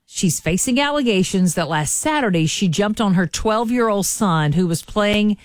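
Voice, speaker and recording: A woman's voice: mid-range voice, lively intonation, moderate pace, no echo, clean studio sound. A woman hosting a morning radio show, chatty and folksy. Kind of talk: morning radio entertainment chat.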